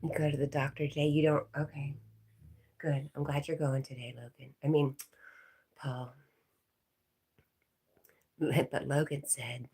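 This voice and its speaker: Low husky woman chatting on a livestream. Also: level tone, unhurried, long pauses, dark tone. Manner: reads viewer comments aloud and chats back, laughing often. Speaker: livestream host. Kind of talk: casual livestream chat.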